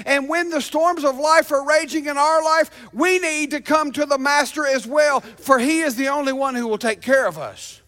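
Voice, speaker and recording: High-voiced, bright-toned preacher man. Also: normal speed, hardly any pauses. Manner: emphatic, calls out to the congregation, swings between loud and hushed. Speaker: pastor. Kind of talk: sermon. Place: church sanctuary.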